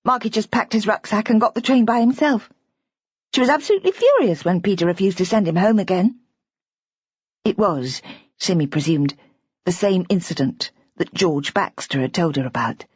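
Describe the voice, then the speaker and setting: A woman narrating a mystery audiobook in a measured, even storytelling manner. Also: medium pitch, slightly rough, no room sound. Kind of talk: scripted narration. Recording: dull, dry audiobook recording.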